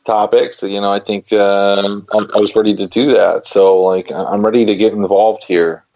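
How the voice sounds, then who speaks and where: Low-voiced guy on a podcast, dry and grumbly, muffled lo-fi sound. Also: level tone, moderate pace, mellow. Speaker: podcast co-host. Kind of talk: casual sports podcast chat. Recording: dull lo-fi sound.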